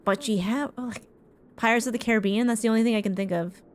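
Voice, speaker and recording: A woman's voice: a little high, fairly even intonation, racing, slight background noise. A woman streamer giving playful, self-mocking commentary while playing a game. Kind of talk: casual gameplay commentary.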